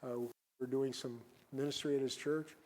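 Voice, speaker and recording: A man preaching a sermon as a guest pastor, reading scripture and then talking plainly to the congregation, rising at times to shouted cries. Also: medium pitch, fairly even intonation. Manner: reads scripture slowly, then talks conversationally and rises to shouted cries. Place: church sanctuary.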